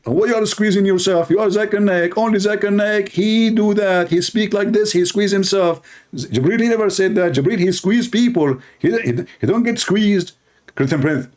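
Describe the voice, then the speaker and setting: A man's voice: high voice, moderate pace, darkish tone. Sarcastic man. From Middle East. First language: Arabic. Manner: sarcastic, mocking, blunt. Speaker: Christian apologist. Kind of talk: mocking debate commentary.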